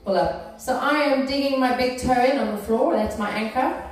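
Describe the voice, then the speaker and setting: A woman's voice: sits high, normal speed. A woman fitness instructor guiding an exercise class, encouraging and checking in with her students as she cues each move. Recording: very echoey room from far off, faint music.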